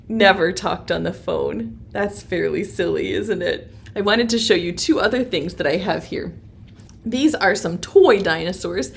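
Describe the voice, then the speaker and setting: A woman teaching a virtual preschool circle time, speaking in a slow, sing-song, encouraging way to young children. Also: medium pitch.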